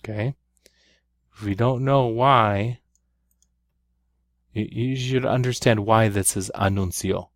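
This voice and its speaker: A man's voice: on the low side, fairly even intonation, slow, pauses often, no room sound, clean studio sound. A man teaching a Spanish grammar lesson, walking through exercises step by step and often checking in with "right?". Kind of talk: recorded classroom lesson.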